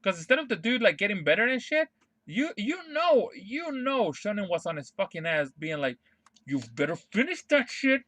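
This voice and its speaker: A man with a high, bright voice rants into a close mic, swearing freely and hammering the same point again and again. The sound is dry and direct, with no room around it. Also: very animated, moderate pace, no room sound. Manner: profane, emphatic, repeats himself. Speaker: streamer. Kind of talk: casual ranting monologue.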